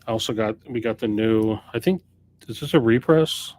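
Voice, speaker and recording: Talking at a normal speed in a slightly mellow, low-leaning voice, a record store owner chats on a live stream about what's newly come in. He rambles without a script and frequently corrects himself mid-sentence.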